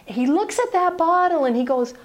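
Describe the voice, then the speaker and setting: A woman speaking on prayer ministry, telling a story in an animated way and acting out the voices of the people in it. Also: very high-pitched, moderate pace. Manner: animated, acts out quoted voices. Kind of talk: storytelling talk.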